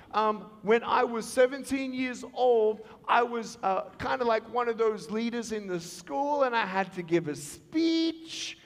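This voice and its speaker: A man giving a storytelling speech to students as a motivational speaker, animated and acting out the dialogue in different voices. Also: very high-pitched. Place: large school hall with an audience. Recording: echoey hall reverb.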